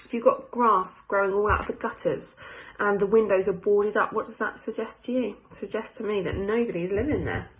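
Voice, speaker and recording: A woman's voice: medium pitch, fairly even intonation, fairly quick, rough recording. A young woman teacher reading a class book aloud, stopping to ask her pupils questions in a chatty way. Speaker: primary school teacher.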